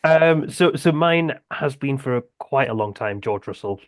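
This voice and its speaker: A man talking as a podcast guest, hesitant and filling pauses with ums. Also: mid-range voice, animated, no room sound. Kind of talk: casual chat.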